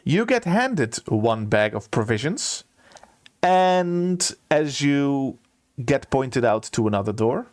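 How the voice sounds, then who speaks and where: A man's voice: mid-range voice, big pitch swings, takes it slowly, darkish tone. A man running a tabletop game as game master, telling the scene casually with dramatic beats.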